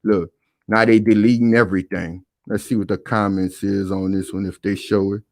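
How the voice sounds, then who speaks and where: A man's voice: fairly low pitch, level tone, normal speed, dry recording, clean studio sound. Preachy man hosting a live stream. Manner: preachy, keeps calling out to viewers. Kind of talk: casual live-stream commentary.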